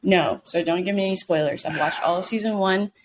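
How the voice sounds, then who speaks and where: A woman from Mississippi with a Southern accent, co-hosting a podcast in casual, animated chat and swearing freely. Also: lowish voice, a little fast, slight background noise. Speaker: podcast co-host.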